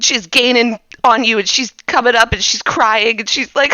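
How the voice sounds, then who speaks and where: A woman narrating a tabletop game as game master, telling the scene in an animated, expressive way. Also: fairly high pitch, moderate pace, few pauses, dry recording, lo-fi sound.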